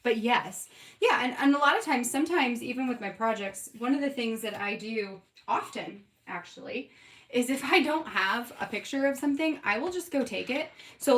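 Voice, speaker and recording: A woman's voice: fairly high pitch, a bit bright. Chatty woman crafting live, roomy sound. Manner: chatty, giggly, talks to viewers by name. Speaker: scrapbooking livestream host. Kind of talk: casual live crafting chat. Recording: roomy, from a distance.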